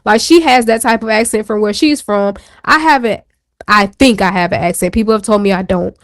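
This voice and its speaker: This show co-host speaks at a medium pitch and a fairly quick clip, her sound dry and close with no room noise. In casual chat, she tells a story candidly and chattily, dropping slang asides along the way.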